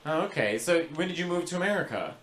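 A man's voice: fairly high pitch, expressive, fast, fairly bright tone. A man doing stand-up crowd work, teasing audience members and slipping into Italian and French. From Sicilian-Italian family, New York. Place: comedy club stage.

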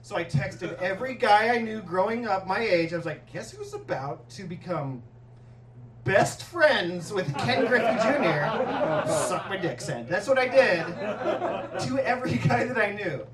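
Male stand-up comic, profane and animated, heard from a distance in a roomy club. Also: sits high, unhurried, a crowd in the background. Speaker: stand-up comedian. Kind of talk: stand-up set. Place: comedy club stage. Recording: echoey club, distant mic, audience laughter.

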